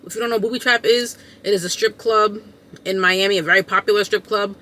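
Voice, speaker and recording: A woman content creator telling a storytime vlog, animated and emphatic, in a casual slangy way that repeats points for effect. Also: mid-range voice, quick pace.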